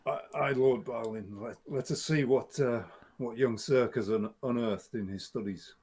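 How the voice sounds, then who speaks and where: A man's voice: mid-range voice, normal speed, a little mellow, a little hiss or hum, lightly acted. A man voicing a male adventurer who lords it up with grand, formal speech. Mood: pompous. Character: pompous male adventurer lording it up.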